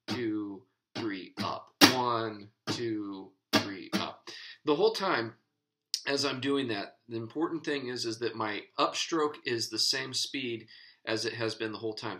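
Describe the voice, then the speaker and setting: A man's voice: mid-range voice, fairly bright tone, poor audio. A man teaching guitar in an instructional video, patiently explaining and counting beats aloud as he strums.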